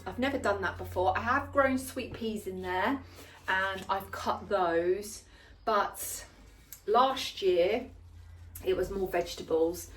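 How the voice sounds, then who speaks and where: A woman chatting casually and rambling a little as she pots up plants in a greenhouse. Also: mid-range voice. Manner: chatty and rambling, lots of ums and likes. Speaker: gardening vlogger. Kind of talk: casual chat while potting plants. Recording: roomy, mic at a distance.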